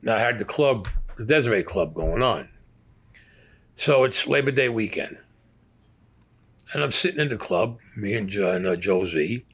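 Older New man, low voice, blunt and foul-mouthed storyteller. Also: expressive, normal speed, pauses often, slightly rough. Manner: blunt, profane, streetwise. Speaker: interviewee.

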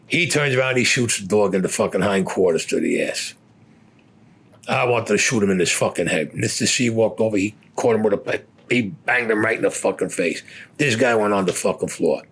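A man's voice: on the low side, normal speed, fairly bright tone, breathy edge. An older man, a war veteran, telling a story in an interview in a blunt, profane way, cursing constantly.

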